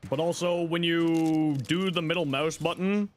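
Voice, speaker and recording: A man's voice: on the high side, fairly even intonation, unhurried. A young man streaming a game, chatting casually and joking as he reads chat aloud. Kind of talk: casual live game commentary.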